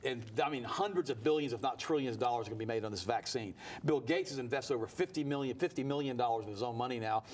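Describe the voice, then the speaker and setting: A man's voice: mid-range voice, fast, few pauses, darkish tone, a little hiss or hum. A man as a guest on a studio talk show, talking heatedly and telling a story at speed. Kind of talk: animated talk-show interview.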